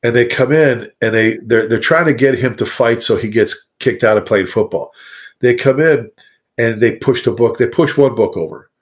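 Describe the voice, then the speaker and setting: Animated fire chief, a man talking shop. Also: mid-range voice, moderate pace. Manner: animated, repetitive, talks straight to listeners. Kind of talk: podcast interview talk.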